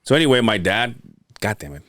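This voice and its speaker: An animated man co-hosting a podcast, telling a story in a casual, profane way. His pitch swings widely as he acts out the people he quotes. The sound is dry and close to the mic. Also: brisk, no echo. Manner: lively, swearing, acts out quoted voices. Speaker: podcast co-host.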